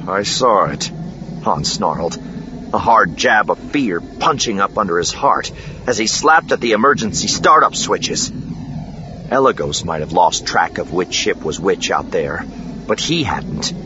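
A man narrating an audiobook in an expressive, dramatic reading. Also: deep voice. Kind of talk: scripted narration. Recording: dull lo-fi with steady noise.

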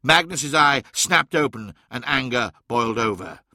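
Man, audiobook narrator, dramatic scripted reading, bright forceful tone, dry close recording. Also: mid-range voice, animated, normal speed, dry recording. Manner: dramatic, swelling and dropping in intensity.

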